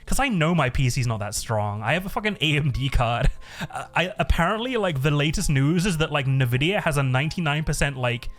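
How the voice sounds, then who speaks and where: A man's voice: fairly high pitch, animated, brisk, faint music behind. A man streaming live, chatting casually in a rambling way, swearing a lot and laughing often.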